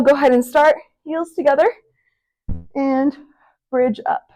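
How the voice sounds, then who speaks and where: A young woman with a slightly high voice coaching a home workout. She is out of breath and puffs between cues. She counts down sets and cheers the listener on. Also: fairly even intonation, a little slow, a little mellow, soft background music. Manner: encouraging, counting down reps between short breathy exhales. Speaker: fitness instructor. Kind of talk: follow-along workout instruction.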